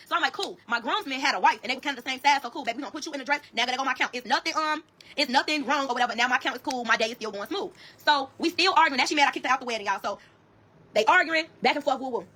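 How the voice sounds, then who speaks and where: Fast-talking bright-voiced woman telling a story. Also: high-pitched. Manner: profane, emphatic, keeps addressing viewers as y'all. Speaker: bride telling her wedding story. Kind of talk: storytelling on a livestream. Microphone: phone camera on a livestream.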